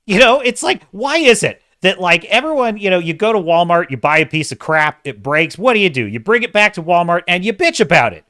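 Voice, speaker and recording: Man, host, casual rant, emphatic, very lively pitch, dry close sound. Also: a little fast, few pauses, no echo. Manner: animated, emphatic, exasperated.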